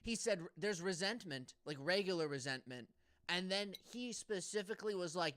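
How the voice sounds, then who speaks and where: A man's voice: sits high, expressive, normal speed, fairly bright tone, no room sound, studio quality. A young man co-hosting a casual comedy podcast, rambling and stammering through restarts. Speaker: podcast co-host.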